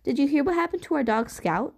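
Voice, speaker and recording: A woman's voice: sits high, lively intonation, fast talker, gravelly, a little mellow, voice pushed up. A woman playing an insistent scheming girl. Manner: insistent, complaining. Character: scheming young girl, persistent.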